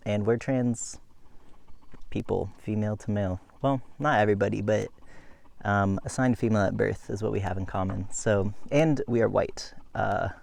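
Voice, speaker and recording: Guy out of breath biking uphill, filming on his phone, low voice, talks slow, laughs a lot. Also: vocal fry, darkish tone. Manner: chatty and breathless, laughing often. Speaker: cycling vlogger. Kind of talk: casual vlog while riding. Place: outdoors, riding a bike uphill. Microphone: phone camera held while cycling.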